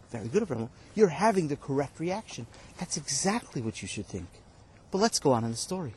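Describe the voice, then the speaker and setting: A man teaching as a rabbi, telling a story to his students with gentle, patient encouragement. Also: fairly high pitch, very animated, fairly quick, breathy edge. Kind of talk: storytelling lesson.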